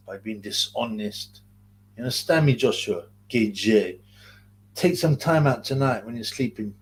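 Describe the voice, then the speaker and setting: Man, London accent, livestream host, slangy, rambling, mid-pitched voice. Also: slight background noise. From Greater London. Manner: rambling, slangy, reads chat aloud. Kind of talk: casual livestream chat.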